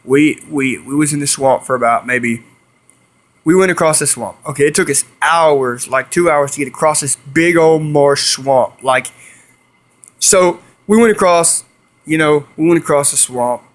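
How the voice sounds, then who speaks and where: A man's voice: fairly high pitch, measured pace. A young man telling a rambling story to his viewers, repeating himself and hissing to mimic animals. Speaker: vlogger. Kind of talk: casual storytelling to camera.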